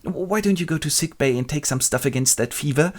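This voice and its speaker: Guy playing a laid-back sleepy soldier, kinda high. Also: brisk, close to an everyday voice. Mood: easygoing. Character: sleepy good-natured young soldier.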